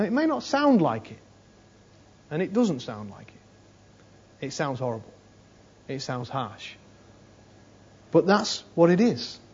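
A man's voice: high voice, a little mellow, slightly rough. A man preaching a conversational sermon, repeating phrases for emphasis and often saying "you know". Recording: dull lo-fi sermon recording.

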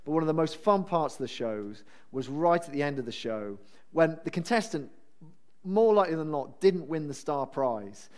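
A man preaching a sermon in a chatty, self-deprecating and animated way. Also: fairly high pitch, moderate pace.

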